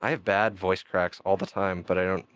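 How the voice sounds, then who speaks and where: A man's voice: moderate pace, smooth. A man, a podcast guest telling rambling stories in casual chat with frequent laughs. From Canada. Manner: animated, rambling storytelling with frequent laughs and pitch jumps.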